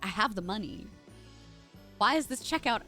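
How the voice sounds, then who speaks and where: A woman's voice: medium pitch, lively intonation, normal speed, pushed and bright, soft background music. A young adult woman streaming live, chatting casually and greeting viewers by name in a bubbly way.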